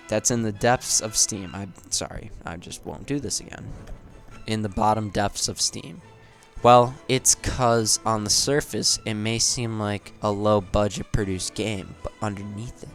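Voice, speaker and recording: A man's voice: on the low side, fairly even intonation, measured pace, fairly bright tone, soft background music. A man giving casual game commentary, rambling and joking with plenty of swearing. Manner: rambling, jokey and profane. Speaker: game video essayist.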